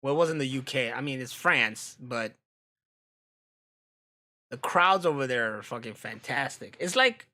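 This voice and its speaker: A man's voice: mid-range voice, lively intonation, measured pace, pauses often, bright, forceful tone. An American man streaming, chatting casually and profanely while reacting to videos, often laughing. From United States.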